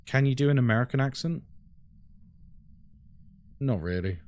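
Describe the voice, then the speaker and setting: British male game streamer, casual explainer voice, lively pitch. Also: moderate pace. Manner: chatty and explanatory, many fillers like "like" and "um". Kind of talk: live gameplay commentary, answering chat.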